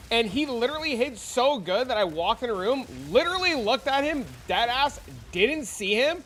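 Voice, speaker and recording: Very high-pitched and fairly bright, this man talks at normal speed with lively intonation. He's a father of young kids, chatting loosely and profanely on a game stream and spinning animated stories in casual livestream fashion, over a little hiss or hum.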